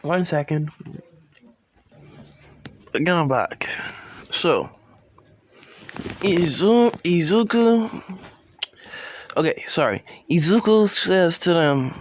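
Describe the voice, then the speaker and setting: A man's voice: fairly high pitch, lively intonation, extremely slow, pauses often. A man improvising a fan-fiction story into his phone, rambling, restarting and correcting himself as he goes. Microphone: phone, sometimes far from it.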